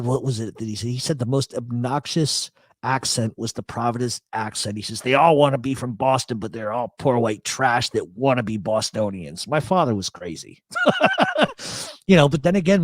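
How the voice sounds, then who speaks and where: A man's voice: medium pitch, no echo, clean studio sound. A man hosting a casual live talk show, reading out chat comments in a rambling, blunt way with plenty of swearing and emphatic repetition. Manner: emphatic agreement, repeats himself. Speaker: radio show host.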